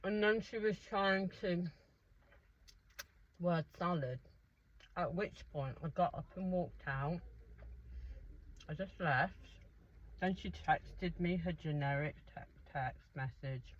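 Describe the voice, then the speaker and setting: A woman eating snacks on camera and chatting casually, animated and swearing freely as she tells stories and mimics people. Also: lowish voice, takes it slowly, long pauses. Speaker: food vlogger. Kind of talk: casual eating vlog with story time. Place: car. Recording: dull lo-fi sound, faint noise.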